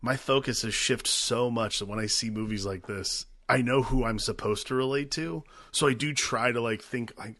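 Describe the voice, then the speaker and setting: A man's voice: fairly low pitch, normal speed, few pauses, fairly bright tone, dry recording. A man in his thirties co-hosting a podcast, talking casually, agreeably, and swearing freely. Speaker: podcast co-host.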